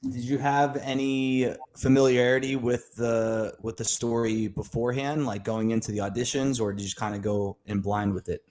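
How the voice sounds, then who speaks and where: A man's voice: mid-range voice, steady tone, moderate pace, few pauses, darkish tone. A man hosting a podcast, asking questions in an upbeat, casual way with fillers. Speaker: podcast host. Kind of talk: casual interview chat.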